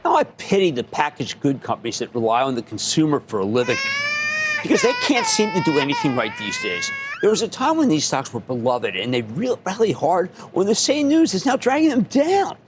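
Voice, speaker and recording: A man hosting a call-in stock market show, talking in a loud, excitable, rapid-fire way. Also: on the high side, very noisy. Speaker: host. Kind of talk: animated call-in stock commentary.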